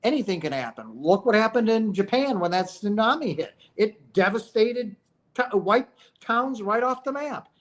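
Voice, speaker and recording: At normal speed, a man with an expressive, high-pitched voice streams about near-death experiences on a spiritual channel. He lectures forcefully, asks one rhetorical question after another, and leans on "right?" and "guys."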